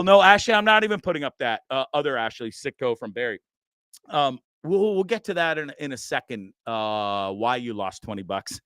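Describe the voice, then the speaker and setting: A man hosting a live show in a relaxed, rambling way, with a middle-of-the-road pitch. He chats loosely, reads comments aloud and drops the odd swear, in a dry, close sound. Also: clear, resonant tone, dry recording. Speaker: live-stream show host. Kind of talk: casual live-stream chat.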